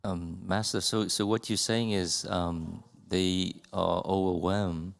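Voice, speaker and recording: A man, a student in a class, asking a question hesitantly with pauses and restarts. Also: low-pitched, flat delivery, gravelly. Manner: hesitant, searching, with fillers and restarts. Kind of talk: question from the audience.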